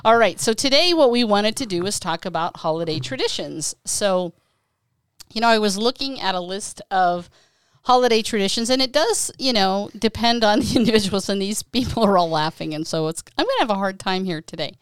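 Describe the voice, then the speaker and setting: A woman's voice: mid-range voice, animated, brisk, clear, resonant tone, no echo. A middle-aged woman co-hosting a family podcast, chatting casually and laughing often. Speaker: podcast co-host. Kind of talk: casual chat.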